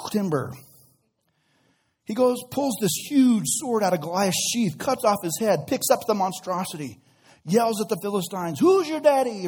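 A man's voice: high-pitched, slightly rough. A man preaching a sermon as pastor, retelling a Bible story conversationally with acted-out quotes and casual slang.

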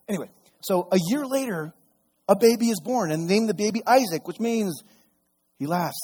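A pastor preaching a sermon, retelling scripture stories in a casual, animated way with voices for the characters. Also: male voice, sits high, normal speed, slightly rough.

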